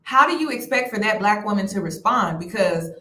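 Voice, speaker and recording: Animated woman host in a roomy space. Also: mid-range voice, fairly quick. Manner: animated and expressive, with a blunt streak. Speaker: host of a commentary channel. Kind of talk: casual livestream commentary. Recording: roomy echo.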